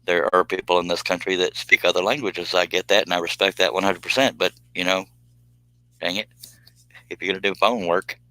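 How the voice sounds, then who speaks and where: Man, low and bright-edged, dry close sound; a joking, rambling streamer talking to his viewers. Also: fairly even intonation, brisk, no echo, poor audio. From United States. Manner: rambling and joking, drifting into tangents. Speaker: live streamer. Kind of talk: casual live-stream chat with viewers. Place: home streaming space.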